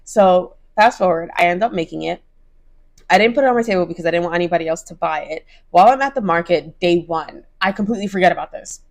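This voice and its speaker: A woman's voice: on the low side, fast talker. A young woman chatting casually to camera in a crochet vlog, gushing, with lots of "like" and "oh my gosh". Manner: bright put-on voices when quoting others. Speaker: crochet vlogger.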